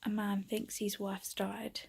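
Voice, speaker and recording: A young woman talks to her camera at home, out of breath and often sinking into a whisper. Her voice is very husky with a gravelly edge, and she speaks slowly in a flat, even tone. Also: mid-range voice. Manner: often drops to a whisper, chatty and rambling; coos softly to her cat. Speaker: vlogger. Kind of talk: casual vlog chat.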